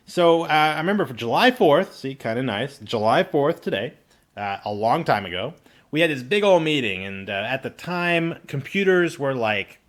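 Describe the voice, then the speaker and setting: A man spins loose, profanity-laced stories from his past straight to his audience. His voice sits at an ordinary middle pitch and keeps an animated, offhand rhythm that wanders and doubles back as he goes. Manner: rambling, profane, animated anecdotes. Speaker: channel host. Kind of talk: casual storytelling to camera.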